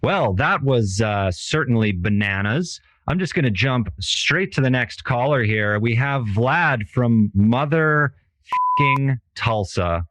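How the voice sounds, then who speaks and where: A man's voice: medium pitch, expressive, takes it slowly, a bit bright, dry recording. A man playing a weary late-night radio DJ taking calls at the end of the world, drawling and dry, with many hesitant uhs, in an improvised comedy. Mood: wry.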